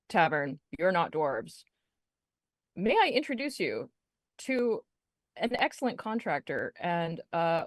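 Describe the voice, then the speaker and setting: A woman's voice: fairly low pitch, dry recording, clean studio sound. A woman voicing a polite, formal shapeshifter who makes introductions. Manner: formal, measured.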